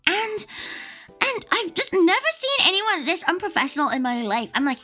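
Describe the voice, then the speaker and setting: Young aussie girl streaming, high voice, swoops all over, rambly w lots of fillers. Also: normal speed, faint music behind. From Australia. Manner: animated, exclamatory, many fillers and bursts of laughter. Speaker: livestream host. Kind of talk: casual storytelling chat on a livestream.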